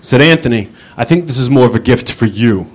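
A male stand-up comedian delivering dry, deadpan one-liners on a club stage. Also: mid-range voice, a little fast.

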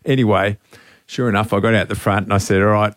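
A man hosting a radio show, telling a sentimental personal story in a rambling, halting way. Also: lowish voice, fairly even intonation, no room sound, studio quality. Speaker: radio host. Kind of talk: casual storytelling on air.

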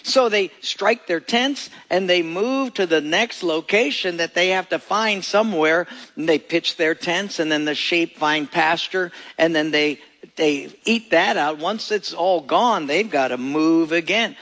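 A man's voice: fairly high pitch, measured pace, fairly bright tone. A man preaching a sermon as pastor, telling stories and acting out little scenes. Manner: storytelling preacher who acts out voices and jokes.

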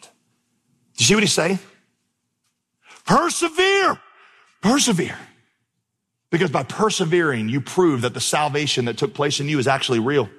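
A man's voice: medium pitch, a bit bright, slightly rough. A man preaching a sermon to a congregation from a church stage, telling stories with humorous asides and repeating key words for emphasis. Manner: storytelling with vivid, humorous asides; emphatic repetition. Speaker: pastor. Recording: long reverb in a big hall.

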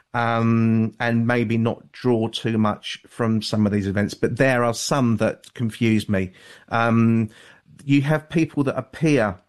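A man talks as a guest author on a call-in radio show. He speaks in a measured, careful way, hedging often and filling pauses with ums and uhs. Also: medium pitch. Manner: measured, hedging, many fillers.

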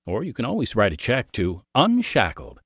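A man's voice: medium pitch, wildly swooping pitch, moderate pace, fairly bright tone, breathy edge, dry recording, studio quality. A man reading an earnest, scripted donation appeal as a ministry announcer.

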